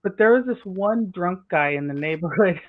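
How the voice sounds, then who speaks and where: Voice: mid-range voice, animated, normal speed, phone-quality sound. A speaker casually telling a story, packed with fillers and restarts. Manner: rambling, many "you know" and "like" fillers. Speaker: guest storyteller.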